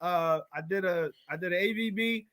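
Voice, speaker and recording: A man telling a personal story in lively, emotional style, acting out the voices of others and laughing often. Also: sits high, moderate pace. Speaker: guest, motorcycle club president. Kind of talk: animated storytelling.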